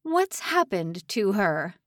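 A woman voicing a nasal, raging male prison official in an audiobook, shouting and menacing. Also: medium pitch, sing-song, slow pace, no echo, clean studio sound, far from the mic.

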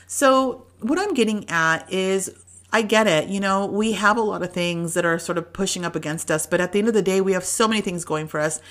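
A woman's voice: mid-range voice, brisk, fairly bright tone. A woman in her forties hosting a solo motivational podcast, chatty and encouraging, with many fillers and restarts. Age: 40s. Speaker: podcast host.

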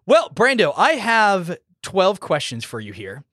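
A man co-hosting a podcast, animated and joking as he runs a trivia game. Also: sits high, measured pace, no room sound, clean studio sound. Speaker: podcast co-host. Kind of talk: casual chat.

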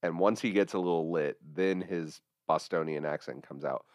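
Podcast co-host, Midwestern man, very low pitch, animated storyteller. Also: moderate pace, no room sound, clean studio sound. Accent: Midwestern American. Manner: chatty, animated storytelling with voice impressions. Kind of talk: casual chat.

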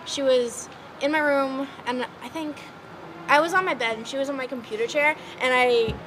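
Female guest, Boston accent, high voice, chatty, noisy recording. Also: moderate pace, fairly bright tone. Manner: chatty, filler-heavy with "like", giggly. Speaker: podcast guest. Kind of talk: casual conversation.

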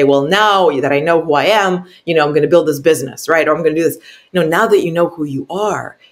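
A woman speaking as an intuitive coach in an interview, earnest and emphatic, often pausing to ask "right?" and repeating words as she searches for them. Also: fairly low pitch. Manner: keeps adding "right?" tag questions.

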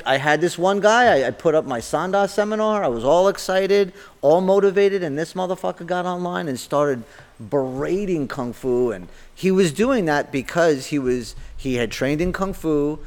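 A man in his fifties, a martial arts instructor guest on a podcast, telling stories in a blunt, profane, animated way. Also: on the high side, normal speed, big-room sound. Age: 50s. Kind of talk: casual podcast interview storytelling.

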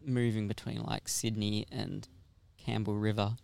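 A man co-hosting a casual podcast who asks curious, drawn-out questions, recorded aboard a ferry. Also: on the low side, little pitch movement, vocal fry, a little mellow, dry recording. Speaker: podcast co-host. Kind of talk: casual chat.

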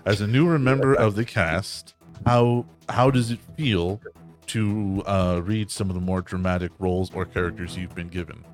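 Deep dude hosting a podcast, lots of uhs, low voice, bit of music behind. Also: male voice, fairly even intonation, normal speed. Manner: rambling with many fillers. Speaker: podcast host. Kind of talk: casual chat.

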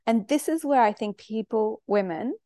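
A woman hosting a podcast interview who tells personal stories in an animated, candid way with frank language. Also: fairly high pitch, normal speed, no echo, studio quality. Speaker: podcast host.

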